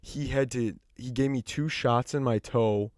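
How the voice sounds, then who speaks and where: A man's voice: medium pitch, unhurried, a little mellow, no room sound, studio quality. A young adult man co-hosting a podcast, telling a long story in a rambling, casual way. He uses plenty of fillers and swears freely. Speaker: podcast co-host.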